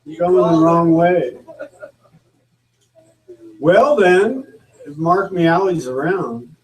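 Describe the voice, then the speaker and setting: A man hosting a live gathering, talking casually with pauses and fillers. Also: on the high side, slight background noise, low-quality recording. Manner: relaxed, hesitant, with fillers. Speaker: event host. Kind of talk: casual emcee patter.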